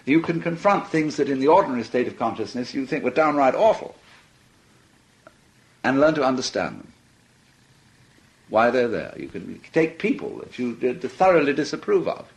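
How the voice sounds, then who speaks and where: Older male lecturer, animated intonation, conversational and amused. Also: mid-range voice, moderate pace, pauses often, rough recording. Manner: conversational and amused, with frequent laughter. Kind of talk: philosophical lecture.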